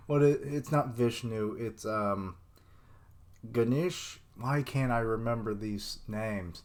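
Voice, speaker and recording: A man's voice: medium pitch, slow. A young man giving casual live reaction commentary on a manga chapter, rambling with lots of fillers and chuckles.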